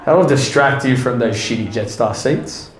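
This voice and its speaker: A man's voice: medium pitch, moderate pace, echoey room. A man with an Australian accent doing a casual, sweary, self-deprecating stand-up comedy set in a small room at a fringe show.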